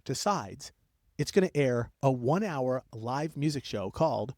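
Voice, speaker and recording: A young man co-hosts a podcast and tells history in excitable bursts, wandering off on tangents and cutting himself short before picking the thread back up. His pitch sits at an average level. The recording is dry and close, with no room sound. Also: normal speed, no echo. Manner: excitable, rambling, self-interrupting. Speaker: podcast co-host. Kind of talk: casual storytelling chat.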